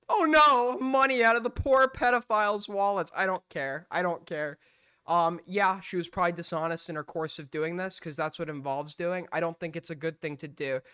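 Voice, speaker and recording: A man with a high, bright and clear voice holds forth on his stream, blunt and argumentative, swearing freely. The sound is dry and close. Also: dry recording. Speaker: streamer host. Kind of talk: heated live-stream commentary.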